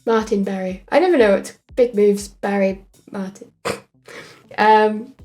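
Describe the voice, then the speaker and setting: A woman with an English accent mixing Essex and Midlands, chatting casually on a livestream while she works on animation, relaxed and hesitant with lots of ums. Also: mid-range voice, unhurried, faint music behind. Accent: English, a mix of Essex and Midlands. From England. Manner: relaxed and hesitant, with frequent ums and trailing phrases. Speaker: animator streaming her work.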